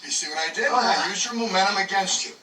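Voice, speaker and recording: A man's voice: high voice, fast talker, bright, forceful tone. An actor playing a blustery, self-assured older father in a sitcom, heard through a TV playing in an echoey room. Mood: bossy. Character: gruff older father, a cocky sore loser. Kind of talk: sitcom acting. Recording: TV audio in an echoey room, distant and slightly noisy.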